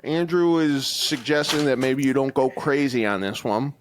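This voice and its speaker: A man co-hosting a casual podcast who teases his co-host and makes deadpan jokes. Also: medium pitch, normal speed, slight background noise.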